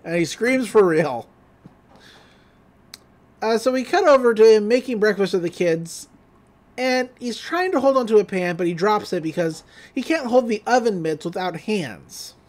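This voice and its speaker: A podcast host giving a casual, giggly recap of a cartoon episode, retelling scenes in an animated way. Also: medium pitch, moderate pace.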